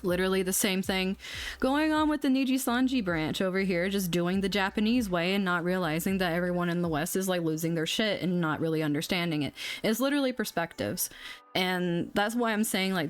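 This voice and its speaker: A woman's voice: fairly low pitch, a little fast. A young woman hosting an astrology livestream, chatting bluntly and casually, swearing now and then. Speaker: astrology channel host.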